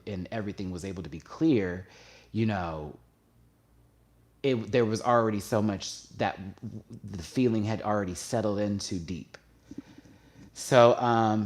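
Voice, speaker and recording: A man hosting his own show, talking openly and emotionally to his viewers, hesitant at first and then rising with feeling. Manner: emotional, confessional, hesitant with restarts; gets louder and higher when stirred. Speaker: YouTube show host. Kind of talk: candid personal talk to viewers.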